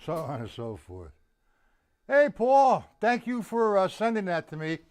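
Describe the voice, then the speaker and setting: An older man leading a live online drum lesson, counting beats aloud slowly and patiently. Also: high-pitched, huge pitch swings, a little mellow. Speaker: drum teacher.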